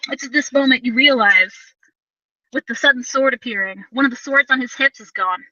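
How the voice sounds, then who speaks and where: A woman running a tabletop game as game master, narrating in an animated, playful way and swearing casually. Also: high-pitched, fairly quick, dry recording, distant mic, dull audio.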